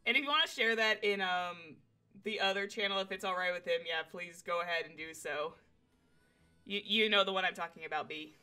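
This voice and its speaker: A young woman streaming a game live from home on a desk mic, excitable, swearing freely and talking to her chat. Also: on the low side, brisk.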